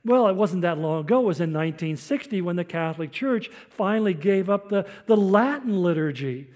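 A man's voice: high-pitched, expressive, fairly quick, darkish tone. An older man preaching a sermon, explaining scripture in a teaching tone with storytelling asides. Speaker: pastor.

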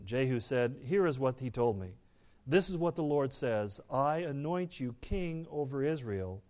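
A man preaching a sermon, reading scripture aloud and explaining it, turning dramatic and loud on the quoted speech. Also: mid-range voice, expressive, normal speed.

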